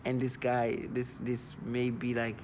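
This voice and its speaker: A man's voice: mid-range voice, completely flat delivery, background noise. A man talking into his own video, agitated and disgusted, stumbling through restarts and fillers. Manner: halting, full of restarts and fillers. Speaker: vlogger. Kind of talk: personal video monologue.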